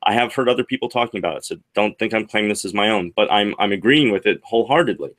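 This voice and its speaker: A man with a lowish voice co-hosts a livestream discussion. He talks with animation and throws out rhetorical questions to the audience. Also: lively intonation, fast, a bit bright. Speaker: co-host.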